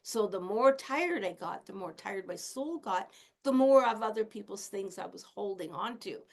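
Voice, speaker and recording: A woman with a gravelly, fry-edged voice gives a casual spiritual teaching talk. Her pitch sits in an ordinary middle range. She speaks candidly as a healer sharing her own story, chatty, with soft laughs now and then. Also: animated, normal speed.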